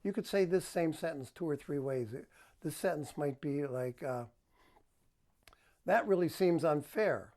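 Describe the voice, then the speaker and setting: A man's voice: fairly high pitch, warm tone. A man working as a relationship counselor, giving advice to the camera in a coaching manner and acting out example tones of voice.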